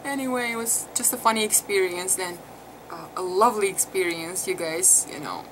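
A woman's voice: on the low side, moderate pace. Chatty emotional woman telling her story. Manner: emotional, chatty, frequent laughs and fillers. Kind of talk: casual vlog storytelling. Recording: clear background noise.

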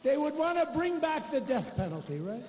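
A man's voice: very high voice, big pitch swings, moderate pace, a little mellow, faint music behind. A male politician giving a campaign rally speech, boastful and rambling, full of mocking asides. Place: large indoor rally venue. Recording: echoey arena with crowd ambience.

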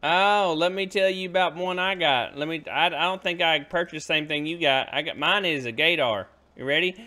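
Young man, drawl, rowdy joker for casual game roleplay; voice sits a touch higher than most. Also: moderate pace, sharp tone. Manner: rowdy joking drawl, makes siren noises. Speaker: streamer playing a roleplay character. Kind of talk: casual in-character roleplay banter.

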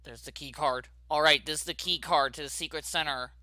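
A man hosting his gaming channel, narrating a horror game as he plays, jittery and saying how scared he is, with sudden loud yelps. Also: a little high, steady tone, fairly quick, no room sound. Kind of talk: horror game let's play commentary.

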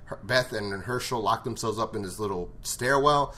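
A man's voice: fairly low pitch, normal speed, bright, forceful tone. A man giving a casual episode recap, blunt and full of swearing. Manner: blunt and profane. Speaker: show reviewer.

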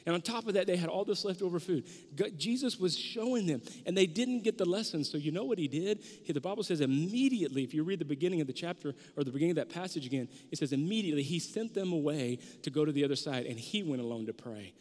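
A male pastor delivers a sermon in a church, his voice pitched high and carrying. He preaches with animation and acts out the disciples in raised, excited tones. The sanctuary adds a long reverb tail to every line. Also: quick pace, hardly any pauses.

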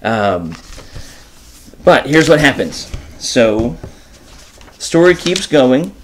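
A man hosting an informal enrichment lesson, animated and chatty as he reads from a children's book. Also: medium pitch, extremely slow, slight background noise. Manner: animated, informal, many fillers. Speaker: host and teacher.

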